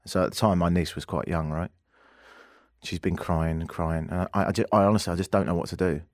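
Lively, low-voiced male radio host. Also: rapid-fire, no echo, clean studio sound. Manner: animated storyteller, acts out quoted voices. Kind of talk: casual radio chat and storytelling. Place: radio studio.

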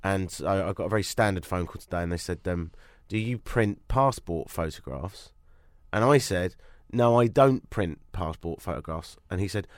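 A man's voice: low voice, moderate pace, no room sound, clean studio sound. A British man hosting a radio talk show, sniffly with a cold, bantering and joking at his own expense. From Britain. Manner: chatty, self-mocking banter.

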